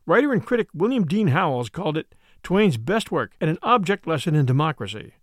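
A man reading a story aloud as an audiobook narrator, with expressive, shifting emphasis. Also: on the high side, fairly quick, dry recording, clean studio sound.

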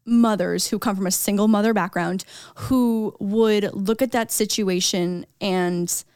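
A woman's voice: medium pitch, fairly even intonation, measured pace, darkish tone, smooth, no echo, clean studio sound. A young woman co-hosting a podcast, chatty and emphatic, leaning on filler words. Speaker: podcast co-host. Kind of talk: casual podcast chat. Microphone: studio mic.

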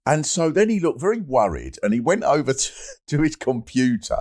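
A man's voice: mid-range voice, sing-song, brisk, darkish tone. A man hosting a podcast interview, telling playful, self-mocking anecdotes. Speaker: podcast host.

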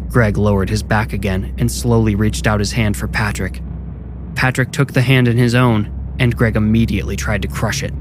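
A man narrating a scripted first-person horror story in a measured, low-key way. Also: fairly even intonation, noisy background. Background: music.

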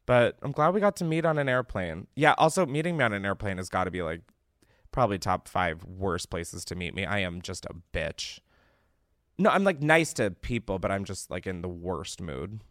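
A man's voice: sits low, lively intonation, normal speed, a bit bright, no echo. Rambling, self-mocking young man, dry mic. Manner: rambling, self-deprecating, swearing. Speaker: podcast host. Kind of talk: casual comedic monologue.

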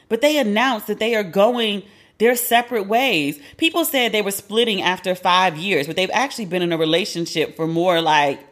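A woman's voice: fairly high pitch, fairly bright tone. A woman hosting a podcast alone, talking in a chatty, candid, profane way. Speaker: podcast host. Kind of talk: casual solo commentary.

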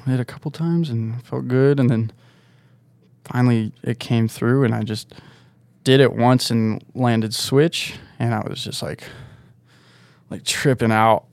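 A young man with a gravelly voice tells a story in a casual podcast chat. He rambles loosely, leaning on "like" and "dude". His sound is dry and close to the mic. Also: mid-range voice, steady tone, measured pace, pauses often, a little mellow, no echo. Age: young adult. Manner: rambling, laid-back, filler-heavy with "like" and "dude". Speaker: guest snowboarder.

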